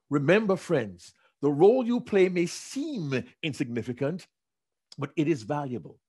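A man's voice: mid-range voice, normal speed, husky. A man in his sixties giving a motivational keynote speech, telling stories dramatically. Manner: dramatic storytelling, animated. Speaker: keynote speaker.

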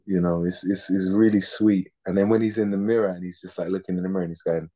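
A man's voice: deep voice, steady tone, fast talker, mellow. A man in his thirties, an actor chatting casually in an interview, laid-back and slangy, often repeating words as he thinks.

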